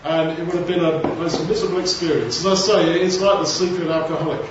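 A preacher gives an informal Bible teaching, chatting conversationally and wandering into asides. His voice sits fairly high with fairly even intonation and a quick pace. The recording is noisy, echoey, and dull, captured with a distant mic.

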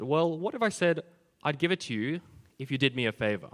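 A man's voice: a little high, lively intonation, quick pace, fairly bright tone, long reverb tail. A man preaching a sermon in a church, explaining scripture in an earnest, step-by-step way.

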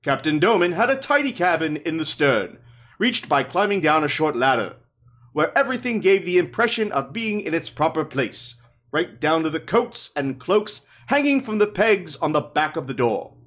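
A man reading a fantasy novel aloud for a podcast, with expressive storytelling. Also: fairly high pitch, moderate pace. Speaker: podcast reader.

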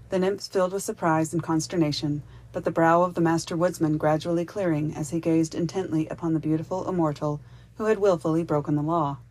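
A woman reading a children's fairy-tale audiobook aloud in a gentle, unhurried storybook narration. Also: deep voice. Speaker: audiobook reader.

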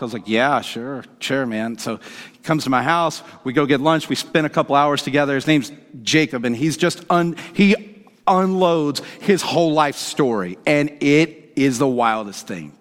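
A male pastor preaching a sermon and telling a story, animated and excitable, acting out the dialogue as he goes. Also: medium pitch, moderate pace. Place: church sanctuary. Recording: long hall reverb from the church.

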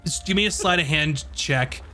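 A man's voice: a little high, moderate pace, pushed and bright, a little hiss or hum. A man narrating casually as game master of a tabletop game.

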